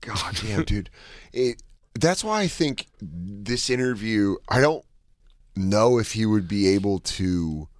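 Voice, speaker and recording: A man co-hosting a comedy podcast, spinning deadpan bits with a wry edge and the odd curse. His voice runs low. The recording is dry and close-miked. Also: slow pace, no echo. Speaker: podcast co-host. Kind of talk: casual comedic banter.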